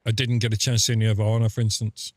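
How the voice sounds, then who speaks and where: A man's voice: fairly low pitch, level tone, quick pace, no room sound. A man chatting casually on a game stream, telling rambling, sweary stories full of fillers. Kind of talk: casual live-stream chat.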